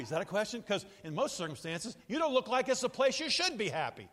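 An older man preaching a sermon in an animated, jokey way, often laughing and acting out quotes. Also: sits high, fast, hardly any pauses, long reverb tail. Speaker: pastor.

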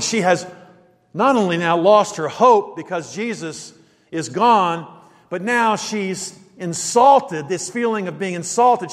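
Man preaching in an echoing hall. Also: high-pitched. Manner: conversational, thinking aloud with restarts. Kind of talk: expository sermon. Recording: long hall reverb.

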